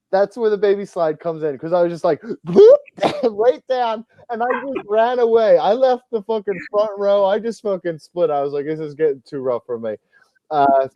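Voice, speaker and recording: A man's voice: sits high, dry recording, dull audio. A man hosting a casual wrestling podcast, a profane, rambling storyteller who acts out the people in his stories. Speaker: podcast host.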